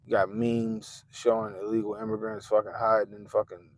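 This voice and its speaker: A man hosting a profane political commentary rant, mocking and animated, with sudden loud jumps and muttered asides. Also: lowish voice, normal speed. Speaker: commentary channel host.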